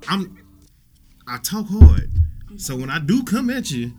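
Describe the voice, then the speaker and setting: A man in a casual group conversation, talking haltingly with many restarts as he admits things. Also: fairly high pitch, sing-song, warm tone, faint music behind. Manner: halting, restarts often, confessional.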